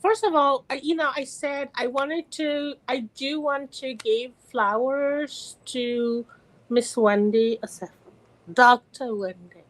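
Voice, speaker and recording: A middle-aged woman from California calling in to chat, animated and quick to laugh, with many restarts. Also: high-pitched, rough recording. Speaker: caller. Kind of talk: casual call-in chat.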